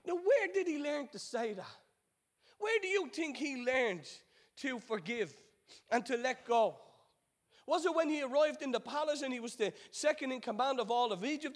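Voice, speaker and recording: High-voiced man preaching a sermon. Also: a bit bright. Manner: preaching with rhetorical questions and building repetition; acts out quoted voices of biblical figures. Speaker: pastor.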